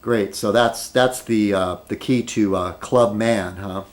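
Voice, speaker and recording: A man's voice: fairly low pitch, slow. A man rambling at his desk in an opinion video blog, arguing with many rhetorical questions and fillers. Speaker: video blogger.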